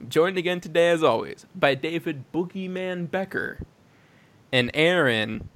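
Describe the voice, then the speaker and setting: A young man co-hosts a casual podcast chat, playful and quick to laugh. His voice sits a little on the higher side. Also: a bit bright. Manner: jokey, laughs often. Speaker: podcast co-host.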